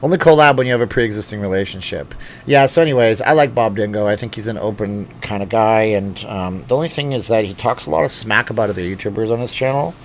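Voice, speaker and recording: A man's voice: lowish voice, fast talker, a little hiss or hum. A man hosting a casual live chat from a home studio, joking and reading viewer comments aloud. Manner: chatty, jokey, reads comments aloud. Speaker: livestream host. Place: home studio with hot lights. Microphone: studio microphone.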